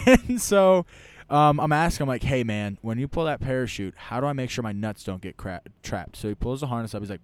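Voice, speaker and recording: Smooth-voiced man telling a story. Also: medium pitch, fairly quick, dry recording. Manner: animated, rambling, repeats "right?" and "like". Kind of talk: casual storytelling chat.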